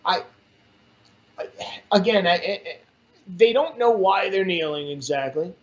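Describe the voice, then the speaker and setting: A man's voice: sits high, measured pace. A man in casual political chat, talking bluntly and cursing freely. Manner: blunt and profane, animated. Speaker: podcast guest. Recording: dull lo-fi sound.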